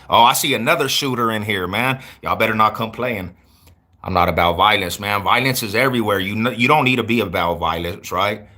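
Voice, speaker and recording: A man in his forties chatting casually on a livestream, answering viewers with hyped street slang and loud shout-outs. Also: lowish voice. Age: 40s. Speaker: YouTuber.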